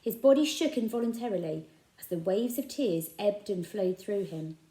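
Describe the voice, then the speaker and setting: Woman, storybook reading, animated pitch, mellow tone, echoey room. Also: normal speed. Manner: expressive storytelling. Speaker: reader. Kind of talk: reading a children's novel aloud.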